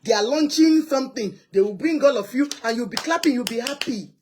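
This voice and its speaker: A Nigerian woman with a Nigerian accent, hosting a live call-in show, talking in an animated, chatty way and ranting about public affairs from inside a car. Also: high-pitched, a little fast, background noise. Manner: animated, chatty, rants and pleads. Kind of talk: opinionated live social commentary.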